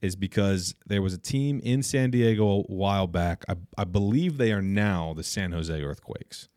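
A man's voice: sits low, moderate pace, a little mellow, no room sound, studio quality. A young man co-hosting a casual sports podcast, blunt and opinionated, trash-talking teams. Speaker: podcast co-host.

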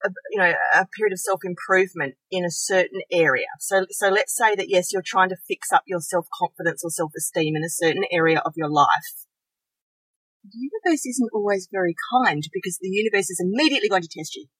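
A woman co-hosting a spiritual podcast, talking earnestly and rushing through lists with restarts. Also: on the low side, a bit bright, breathy edge, dry recording, low-quality recording. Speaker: podcast co-host. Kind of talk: casual spiritual podcast chat.

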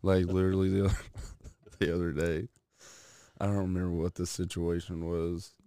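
A man's voice: deep voice, level tone, moderate pace, mellow, smooth, no room sound, clean studio sound. A man co-hosting a podcast in casual chat, rambling and swearing a lot. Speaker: podcast co-host.

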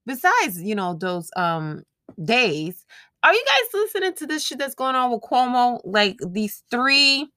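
A woman's voice: fairly high pitch, very animated, unhurried, sharp tone, no echo. Frank, profane woman talking to listeners. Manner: frank, profane, laughs often, talks straight to listeners. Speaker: podcast host. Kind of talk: casual motivational monologue.

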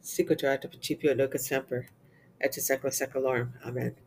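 A man reciting the Divine Office, reading psalms and lessons in English with Latin responses, in a steady, even recitation. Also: medium pitch, quick pace, vocal fry, slight background noise. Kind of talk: reciting liturgical prayer and psalms.

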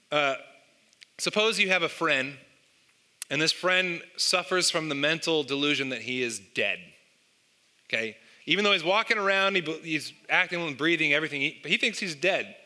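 A man's voice: a little high, bright, forceful tone. A man preaching a sermon, telling an illustration and asking the listeners rhetorical questions. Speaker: pastor.

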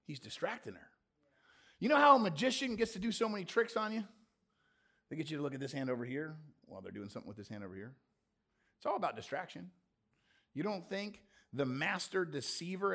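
Male pastor, high for a man, gravelly; punchy rhetorical sermon delivery with jokey asides. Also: a bit bright. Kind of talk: lively sermon to a live congregation. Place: church before a congregation.

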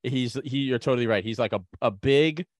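A man's voice: medium pitch, brisk, dry recording, clean studio sound. A man co-hosting a podcast, riffing loosely and slipping into silly voices. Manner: riffing, animated, slips into voices. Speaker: podcast co-host. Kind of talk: casual banter.

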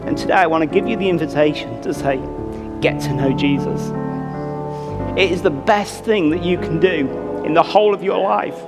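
In a reverberant church with music playing behind him, a pastor earnestly urges his congregation during a sermon. His voice is on the high side and moves at a moderate pace.

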